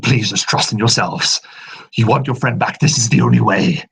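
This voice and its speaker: A man's voice: medium pitch, fairly even intonation, moderate pace, gravelly, fairly bright tone, breathy edge, full character voice, poor audio. A man voicing an earnest male ally in a tabletop game, talking in an urgent, pleading way.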